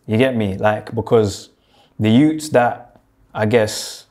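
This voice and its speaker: A man's voice: fairly low pitch, steady tone, takes it slowly, darkish tone. Laid-back London-Jamaican young man. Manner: laid-back street slang, lots of "you get me". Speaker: guest. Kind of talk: casual interview, storytelling.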